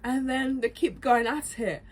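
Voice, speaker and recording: A woman's voice: high voice, a little slow. Emotional woman recapping a game. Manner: animated and emotional, often laughing, addresses viewers as guys and bro. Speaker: vlogger. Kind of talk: casual chat recapping a video game story.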